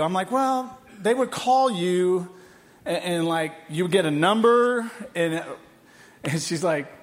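Animated high-voiced male pastor. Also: unhurried, pauses often, slight background noise. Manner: animated storytelling with laughs. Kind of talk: sermon. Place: church hall.

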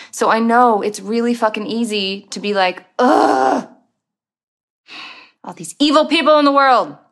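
A woman hosting a spiritual self-help podcast, speaking in a frank, unfiltered way with casual swearing. She slips into quick playful voices to act out inner thoughts, then returns to her steady middle-pitched delivery. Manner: candid, profane, acts out inner voices. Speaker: podcast host.

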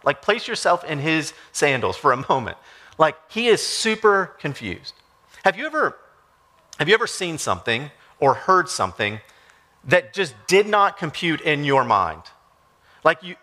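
Male pastor, young adult, preaching a sermon; chatty and animated, with a lively, bright voice. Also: on the high side. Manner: conversational and animated, with casual asides.

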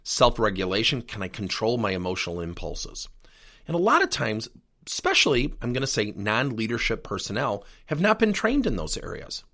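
A middle-aged man hosting a leadership coaching podcast, talking earnestly to listeners. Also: on the low side. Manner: animated, earnest coaching delivery. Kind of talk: solo podcast talk.

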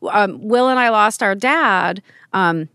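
A woman's voice: medium pitch, takes it slowly, pushed and bright, smooth, dry recording, poor audio. A middle-aged woman, a podcast guest, telling personal family stories in a casual, emotional way, with frequent restarts. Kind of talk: casual conversational storytelling.

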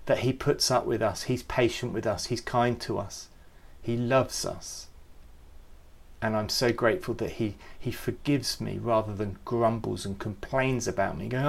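A man's voice: lowish voice, steady tone, measured pace, vocal fry, breathy edge. Earnest man giving a devotional talk. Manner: earnest and reflective, with gentle humour. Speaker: youth ministry podcast host.

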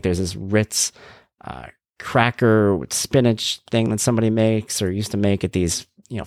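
A middle-aged man hosting a podcast, telling a family story in casual chat and acting out the voices with big jumps in pitch. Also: dry recording, clean studio sound. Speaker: podcast host.

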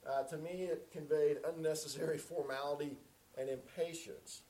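A man's voice: a little high, steady tone, normal speed, warm tone, poor audio. A man preaching a sermon as pastor in a conversational, folksy way with many fillers.

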